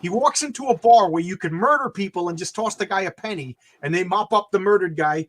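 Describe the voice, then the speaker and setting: A man's voice: high voice, a little fast, fairly bright tone. An older man hosting a casual chat, rambling with frequent stammering restarts. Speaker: podcast host.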